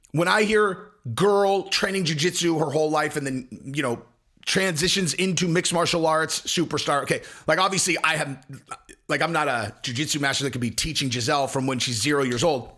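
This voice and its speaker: An online commentator rants casually to camera, rambling, crude and often cutting himself off mid-sentence. He has a fairly high, sharp-toned voice and speaks at a moderate pace.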